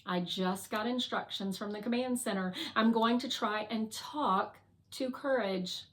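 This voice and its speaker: A woman voicing a patient, thoughtful rover robot in a calm, gentle, measured way. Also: medium pitch, close to an everyday voice.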